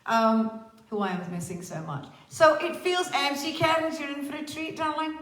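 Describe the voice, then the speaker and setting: A woman's voice: sits high, moderate pace, a bit bright. A woman hosting a casual livestream chat, theatrical and chatty, swearing freely. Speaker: livestream host. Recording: roomy echo.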